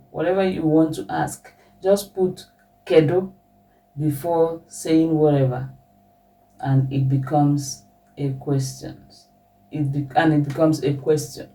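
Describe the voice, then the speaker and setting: A woman teaching a language lesson at a slow, patient pace, repeating each example question. Her voice sits a little low and sounds mellow. She is a little distant from the microphone.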